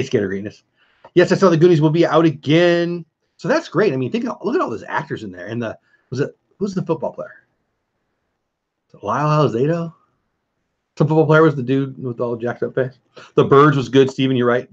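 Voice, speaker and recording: A middle-aged man with a husky, slightly breathy voice hosts a relaxed late-night livestream from home. He rambles from one story to the next and greets viewers in chat by name. The audio is a bit dull and lo-fi. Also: mid-range voice. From California. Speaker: livestream host. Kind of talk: casual livestream chat reading viewer comments.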